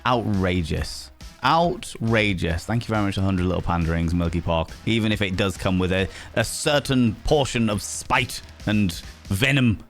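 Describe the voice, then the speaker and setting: A man's voice: low-pitched, brisk, soft background music. A man with a Yorkshire accent hosting a livestream, chatting casually and teasing viewers as he reads their messages. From England. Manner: playful, teasing, greets viewers as cheeky devils. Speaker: livestream host.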